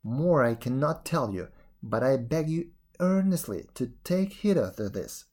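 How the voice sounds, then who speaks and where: A man voicing an earnest young husband in a fairy tale reading, speaking slowly and gravely. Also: mid-range voice, lively intonation, darkish tone. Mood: solemn. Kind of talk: storybook reading.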